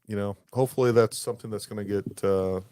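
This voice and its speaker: A man's voice: lowish voice, fast talker, smooth, dry recording, clean studio sound. A man hosting a casual podcast, telling stories and acting out dialogue with a raised voice. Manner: animated storyteller, acts out dialogue with raised voice. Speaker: podcast host. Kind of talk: casual storytelling chat.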